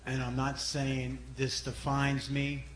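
A man speaks slowly and earnestly, sharing something personal. His voice sits in the middle range, and it echoes in a roomy space with faint noise behind it. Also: medium pitch, monotone.

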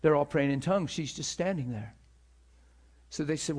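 Animated preacher man, slightly high voice. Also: normal speed, long pauses, husky. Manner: animated, emphatic, acts out quotes. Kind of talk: sermon storytelling.

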